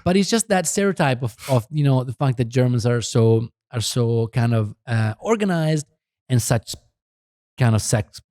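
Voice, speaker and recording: A man's voice: medium pitch, lively intonation, moderate pace, mellow, no room sound. Italian man, rambling storyteller, dry mic. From Italy. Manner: rambling, laughing, many restarts. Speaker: podcast guest, photographer. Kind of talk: casual chat.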